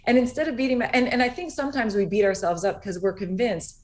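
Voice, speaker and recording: A woman's voice: fairly high pitch, expressive, fast. A woman in her forties talking earnestly as a guest in an interview from home over a video call, telling stories and acting out what people said. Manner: earnest, storytelling, acts out quoted dialogue. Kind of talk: animated conversational interview.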